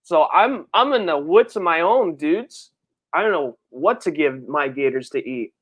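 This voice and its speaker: A streamer chatting casually on a live birthday stream, reading viewer messages and rambling in slang, with sudden high, excited outbursts. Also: a little slow. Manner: rambling, slangy, full of fillers. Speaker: livestreamer and comic creator.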